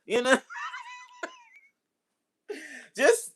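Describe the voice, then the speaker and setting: A woman's voice: high-pitched, sing-song, very slow, a little hiss or hum. A woman hosting a casual livestream chat, answering messages bluntly and profanely, laughing often and acting out the voices in her stories. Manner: acts out quoted voices while telling stories.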